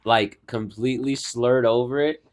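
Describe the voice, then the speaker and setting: A man's voice: mid-range voice, fairly even intonation, moderate pace. Blunt, cursing young man podcast co-host. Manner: blunt, teasing and heavily profane. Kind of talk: casual chat.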